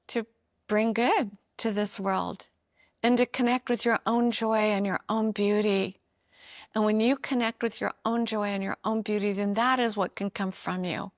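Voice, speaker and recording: Woman podcast host, earnest and encouraging, unhurried delivery, dry close sound. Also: medium pitch, no room sound. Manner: earnest, encouraging, speaks directly to listeners. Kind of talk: motivational talk on emotions.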